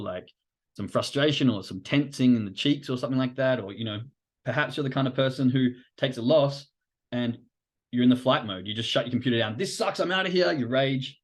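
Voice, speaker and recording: A man hosting a live stream on trading psychology. He talks casually and animatedly, swears now and then, and acts out inner voices. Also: mid-range voice. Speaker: host.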